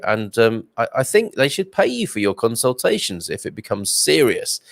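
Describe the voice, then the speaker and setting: Lively chatty male stream host. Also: medium pitch, gravelly, dry recording. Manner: chatty, rambling, reads comments aloud with asides. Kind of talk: live-stream chat reading viewer comments.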